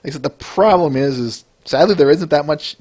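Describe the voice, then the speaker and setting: A podcast host with a slightly high, darkish-toned male voice talks fairly quickly. He rambles through a casual review show, restarting often and answering listeners by name between points.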